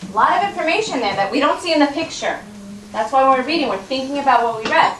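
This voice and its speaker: Woman teacher, high bright voice, patient and coaxing, heard from across a roomy classroom, noisy recording. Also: lively intonation, quick pace, recorded from a distance. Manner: patient, coaxing, checks in with frequent "okay?". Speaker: first-grade teacher. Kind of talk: classroom reading lesson. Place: elementary school classroom.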